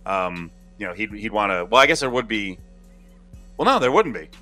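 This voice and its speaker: A man hosting a casual sports talk show, talking in a rambling, animated way. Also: on the low side, moderate pace, soft background music.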